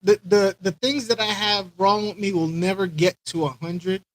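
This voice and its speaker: High-voiced man chatting on a live stream. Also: steady tone, normal speed, dry recording, low-quality recording. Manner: rambling, repeats himself, talks to viewers by name. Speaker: aquarium channel host.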